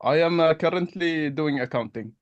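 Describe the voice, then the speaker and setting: A man's voice: fairly high pitch, normal speed, no echo, muffled recording, natural voice. A man playing a blunt, no-nonsense accountant. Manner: blunt, repetitive, broken phrasing. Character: blunt, direct male accountant prospect. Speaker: roleplay partner.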